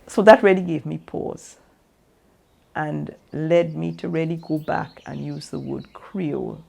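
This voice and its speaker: Husky, gravelly author; reflective interview talk. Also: medium pitch, fairly even intonation, unhurried, a little mellow. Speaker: author and researcher.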